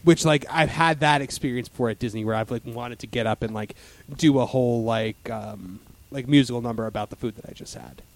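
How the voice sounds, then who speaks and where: A man's voice: mid-range voice, brisk. A man in casual chat as a podcast host, rambling with lots of fillers and restarts.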